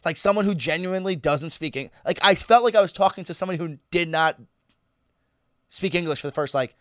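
A man's voice: a little high, fairly quick, no echo, studio quality. A man telling a story in casual podcast chat, acting out the quoted lines and swearing freely. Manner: animated, swearing, acts out quoted dialogue. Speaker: podcast co-host.

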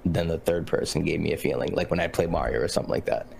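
A man guesting on a gaming podcast, telling stories in a relaxed, slangy way and laughing easily. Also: extremely low pitch, fast, vocal fry, slight background noise, low-quality recording. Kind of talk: casual podcast chat.

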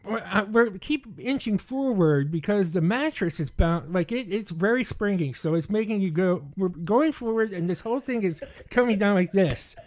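A man telling a rowdy story in casual podcast chat, animated and often laughing through his own words. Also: high voice, moderate pace, hardly any pauses.

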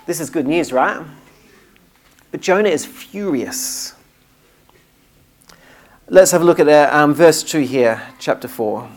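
Brief: emphatic, earnest preacher mid-sermon, mid-range pitch. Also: takes it slowly, pauses often. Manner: earnest, emphatic, with small restarts.

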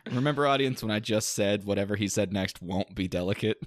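A man's voice: lowish voice, brisk, no room sound, clean studio sound. An American man hosting a casual comedy podcast, laughing often and reading news stories aloud to his co-hosts. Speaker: podcast host.

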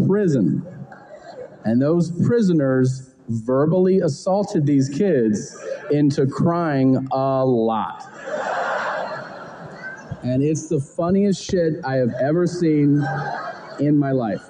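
A man doing a stand-up monologue, profane and laughing, with deadpan asides. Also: fairly high pitch, slow, long pauses, noisy background. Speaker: stand-up comedian.

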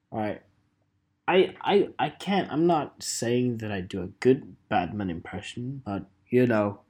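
A man's voice: medium pitch, lively intonation, slow, a little mellow. A man in his twenties hosting a solo podcast, rambling in a joking, self-mocking way with fillers and swearing. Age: 20s. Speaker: podcast host.

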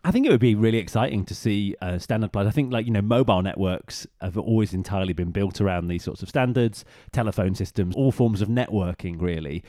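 A man's voice: lowish voice, quick pace, few pauses, warm tone, no room sound. A British man co-hosting a podcast, bantering wryly and musing on tech. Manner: dry, wry banter. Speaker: podcast co-host. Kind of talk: casual tech chat.

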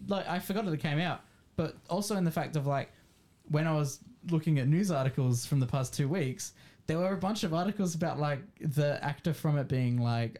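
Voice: medium pitch, fairly quick, dark tone. A co-host in a casual movie chat who reacts a lot and keeps the talk moving. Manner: upbeat, reactive, steers the chat.

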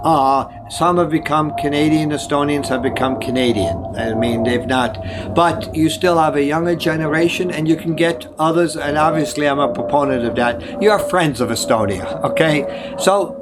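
A man's voice: fairly high pitch, moderate pace, music in the background. An older man from Germany, giving discursive advice in an interview and often correcting himself mid-sentence. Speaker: guest. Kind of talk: conversational interview.

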